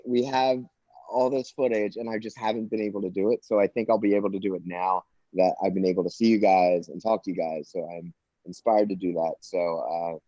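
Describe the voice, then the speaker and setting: A man's voice: lowish voice, mellow, dry recording. A man on a casual video call, rambling and self-mocking, stammering through restarts. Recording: dull lo-fi video call audio.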